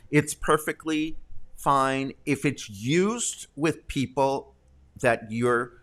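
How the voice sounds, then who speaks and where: A man's voice: mid-range voice, fairly bright tone. Man, host, casual talk, joking asides, explainer. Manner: chatty, joking, explains slang. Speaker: host of a local news talk show.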